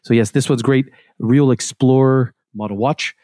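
A man co-hosting a podcast in relaxed casual chat, rambling with fillers and restarts. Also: medium pitch, normal speed, dry recording, studio quality. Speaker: podcast co-host.

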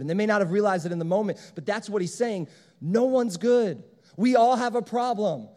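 Emphatic pastor in an echoing hall. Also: male voice, high voice, animated, quick pace, mellow. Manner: emphatic, repeats key phrases. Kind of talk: sermon. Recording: long hall reverb.

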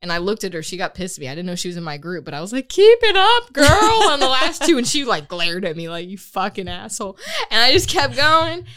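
Animated, swearing young woman, bright voice. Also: lowish voice, fast. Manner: animated storytelling, swears a lot, laughs often. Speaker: podcast co-host. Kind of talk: casual chat.

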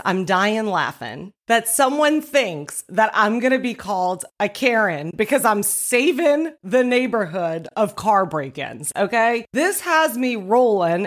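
A woman telling a story in a casual monologue, loud and animated, often laughing as she talks. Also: medium pitch.

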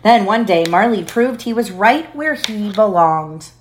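A woman's voice: medium pitch, unhurried, a little hiss or hum. Mother reading a picture book aloud. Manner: expressive, playful storytelling with questions to the child.

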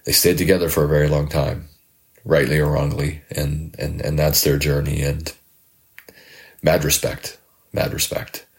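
A middle-aged man, a podcast host and life coach, reflecting in a halting, heartfelt monologue that often repeats words. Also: extremely low pitch, flat delivery.

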